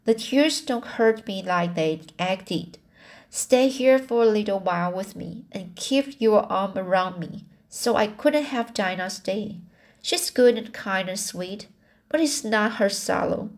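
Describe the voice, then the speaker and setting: A woman's voice: medium pitch, measured pace, natural voice. A woman reading aloud and voicing a grieving young orphan girl who pleads in a heartfelt way.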